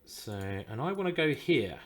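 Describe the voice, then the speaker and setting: A man's voice: medium pitch, big pitch swings, measured pace. Man thinking aloud over chess. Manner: thinks aloud, swears and groans over moves. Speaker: chess streamer. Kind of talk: live chess commentary.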